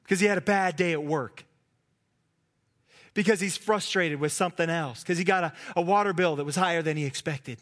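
A man preaching a sermon as pastor, earnest, at times dropping to a soft hush. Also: on the high side, fairly quick.

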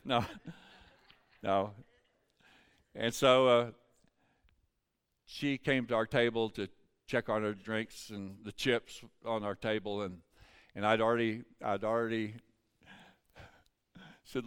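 A man's voice: medium pitch, measured pace, long pauses, a bit bright, clean tone. An older man, a pastor, preaching a folksy, conversational storytelling sermon.

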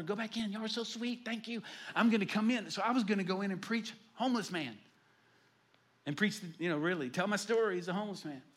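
A man whose voice sits high preaches a sermon as a pastor, telling stories and swinging between loud emphasis and hushed asides.

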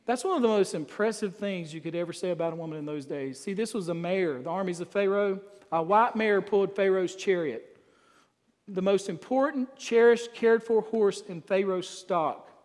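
A man's voice: high-pitched, normal speed, a little mellow, long reverb tail. A man preaching a sermon, talking in a folksy, conversational way and speaking straight to the men in the pews. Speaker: pastor.

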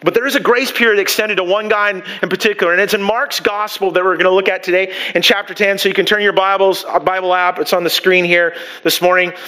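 Man preaching, bright tense tone, chatty, self-correcting, church sermon. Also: sits high, fairly even intonation, fast talker, hardly any pauses, clear, resonant tone, poor audio. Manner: conversational, many restarts and asides. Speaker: pastor.

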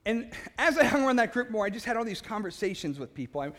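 The man's voice sits high and he talks fast while sharing a personal faith testimony. Passionate and loud, as he describes himself, he's an animated storyteller who laughs at his own expense and trips over repeated words.

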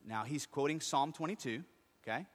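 A man preaching a sermon, asking his congregation questions and answering them himself, moving between quiet asides and loud, impassioned stretches. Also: on the high side, moderate pace. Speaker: pastor. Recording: long reverb of a large hall.

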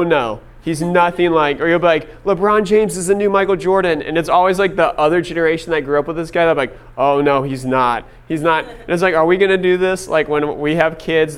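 Young male pastor, casual storytelling sermon, smooth and clear, slightly high voice. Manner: casual storytelling with many fillers.

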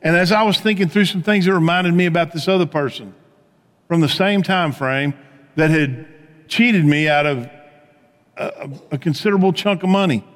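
Guy pastor preaching, kinda high voice, chatty storyteller, long hall echo. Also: moderate pace. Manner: conversational storytelling preacher, swings from animated to hushed. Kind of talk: sermon.

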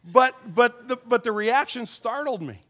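A man, a pastor, giving a conversational sermon with personal stories, dropping softly on key points. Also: very high-pitched, expressive, unhurried. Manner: folksy, tells personal stories with chuckles.

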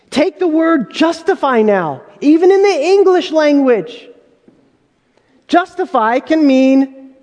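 Male pastor with a very high voice and an emphatic sermon delivery, recorded in a big reverberant hall. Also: a little mellow. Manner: emphatic, full of rhetorical questions.

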